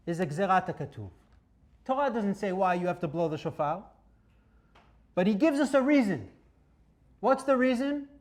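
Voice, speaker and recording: A man giving a dramatic Torah lecture, swinging between loud bursts and hushed asides and asking his listeners questions. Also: high voice. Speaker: rabbi teaching a Torah class.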